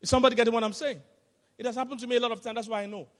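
A man preaching a sermon as pastor, telling animated stories with laughter and sudden shouts. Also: very high-pitched, racing. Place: church hall. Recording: long hall reverb.

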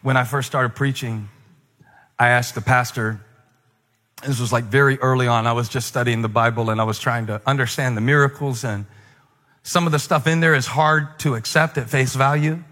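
A man preaching a sermon to a gathered congregation, animated, slipping into mocking, self-assured voices and rising to near shouts. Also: mid-range voice, normal speed. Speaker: pastor. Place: large hall with an audience. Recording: echoey hall, faint room ambience.

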